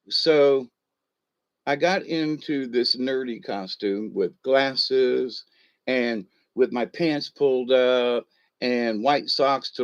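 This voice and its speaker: A man's voice: mid-range voice, muffled recording. A man, chuckling as he tells a rambling personal story full of ums and uhs. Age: 60s. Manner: rambling, chuckling, with many fillers.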